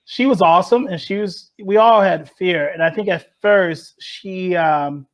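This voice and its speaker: Lively high-voiced man telling a story. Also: measured pace, highs cut off. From West Side of Chicago. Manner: lively storyteller who acts out quotes. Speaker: guest, rower and author. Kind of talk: podcast storytelling.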